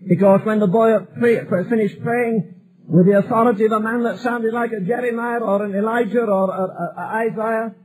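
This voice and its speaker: High-voiced emphatic male preacher. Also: fairly even intonation, normal speed, darkish tone, poor audio. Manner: emphatic, building repetitions to a climax. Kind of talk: sermon.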